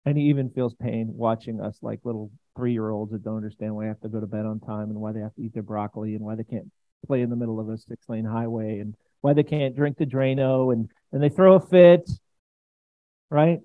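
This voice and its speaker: A man's voice: lowish voice, fairly even intonation, a little fast, no echo. A man preaching a conversational sermon in a church, chatty and enthusiastic, with frequent asides to the congregation. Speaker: pastor. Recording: dry, tinny phone-like sound.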